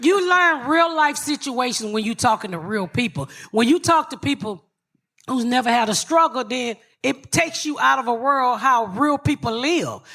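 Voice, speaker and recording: Woman comic host, live stage, high bright voice, brash and profane. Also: lively intonation, moderate pace. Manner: brash, blunt, laughs through her stories. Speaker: podcast host.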